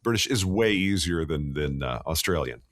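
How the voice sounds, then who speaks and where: Deep-voiced man hosting with enthusiasm. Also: lively intonation, moderate pace. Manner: enthusiastic, rambling questions with restarts. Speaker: podcast host. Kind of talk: casual interview chat.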